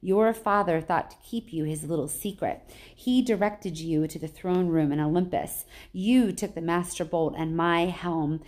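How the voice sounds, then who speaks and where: A woman's voice: fairly low pitch, a little slow, a little mellow, close to an everyday voice. A woman reading aloud, voicing a proud, scornful male god of the underworld who grumbles and accuses. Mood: accusing.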